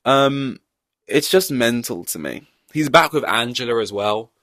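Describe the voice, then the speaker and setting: A man's voice: medium pitch, expressive, unhurried, fairly bright tone, no room sound. A young man hosting a podcast in casual chat, rambling through long-winded analogies and poking fun at himself. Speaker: podcast host.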